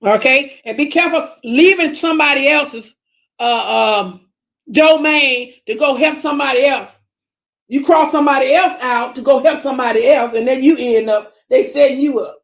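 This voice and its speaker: A woman's voice: sits high, normal speed, reverberant. A woman with a Southern US accent, talking to her viewers in casual commentary, emphatic and preachy, repeating her points and calling them family. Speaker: YouTube channel host.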